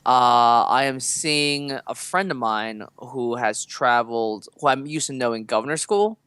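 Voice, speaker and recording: A man's voice: mid-range voice, a little slow, a bit bright, clean tone, no echo. A young man chatting casually as a podcast co-host, telling stories loosely with lots of fillers. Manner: loose, rambling storytelling with many fillers. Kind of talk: casual chat.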